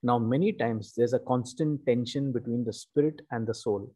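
A man with a mellow, somewhat husky voice delivers a sermon. He teaches slowly and emphatically, stopping to repeat points and check in with his listeners. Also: medium pitch. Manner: slow, emphatic teaching with repeated "okay" and "you know". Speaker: preacher.

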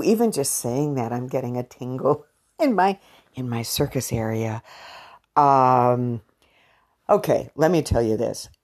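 A woman's voice: rumbling low, a little mellow. A middle-aged woman giving a candid, bawdy dating update to her viewers in a casual vlog. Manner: candid, bawdy, giggly storytelling. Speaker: vlogger.

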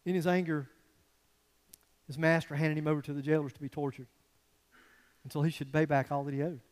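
Pastor guy preaching, pretty high voice, big reverb-y church hall, goes quiet then loud. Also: flat delivery, fairly quick. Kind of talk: sermon.

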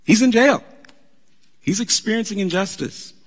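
A man preaching a sermon as pastor, animated and conversational, laughing often as he talks. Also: high-pitched, normal speed, in a large hall.

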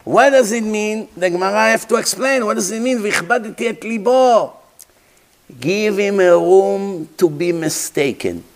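A man's voice: high-pitched, moderate pace, few pauses. A man preaching as a rabbi, telling stories dramatically in imperfect English and asking his listeners rhetorical questions. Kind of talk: sermon.

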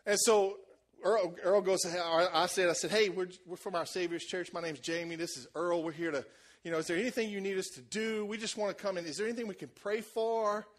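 Animated high-voiced man preaching a story. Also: a little fast. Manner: animated, acts out voices, shouts at peaks. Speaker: pastor. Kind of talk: sermon storytelling.

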